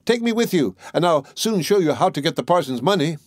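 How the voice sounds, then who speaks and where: A man's voice: on the high side, lively intonation, brisk, dry recording, studio quality, voice pushed up. Tom Thumb: a man doing a cheeky tiny boy. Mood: chatty. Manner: perky, bold, calling out loudly.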